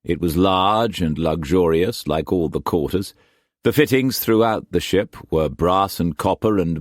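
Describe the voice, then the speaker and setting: Man narrating a novel, measured storytelling, very low voice, dry close recording. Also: dry recording. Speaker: audiobook narrator. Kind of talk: scripted narration.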